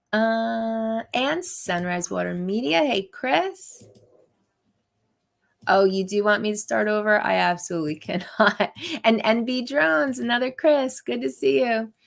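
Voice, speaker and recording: Woman host, unhurried gravelly voice, chatty with frequent laughs, live-stream banter. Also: on the high side. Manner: chatty, laughs often, many fillers. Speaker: livestream host. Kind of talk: casual live chat reading viewer comments.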